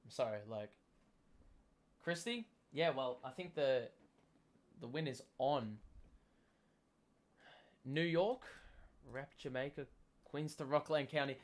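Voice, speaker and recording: A young man hosting a live basketball watchalong stream, chatting with viewers and calling plays, getting loud and excited on big moments. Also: medium pitch, slow, long pauses. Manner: chatty, self-deprecating. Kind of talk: live casual commentary, reading chat.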